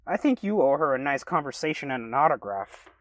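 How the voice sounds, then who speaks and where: Mischievous young bandmate, put on by a man, pouty, raised pitch, storybook. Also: sing-song, a little fast, no echo, natural voice. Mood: earnest.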